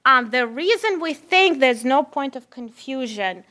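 Bright-voiced woman with Russian accent. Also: high voice, a little slow. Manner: lively, addresses audience as "my friends". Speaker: researcher and lecturer. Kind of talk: lecture.

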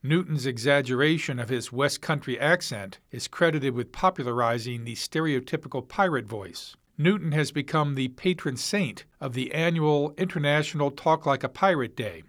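A man narrating a documentary in a plain, even way, reading sources aloud. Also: medium pitch, normal speed, hardly any pauses.

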